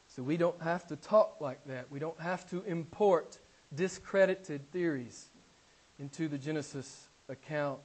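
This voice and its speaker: A man preaching a sermon as pastor, emphatic and repeating his key phrases, moving from loud stresses to low, quiet asides. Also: a little slow. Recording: live church sermon.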